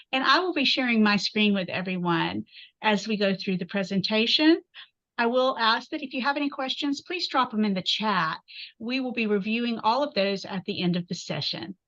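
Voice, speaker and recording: A woman's voice: fairly high pitch, a bit bright, highs cut off. Chatty woman webinar host. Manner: upbeat, chatty, folksy. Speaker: host and chapter president. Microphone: video call.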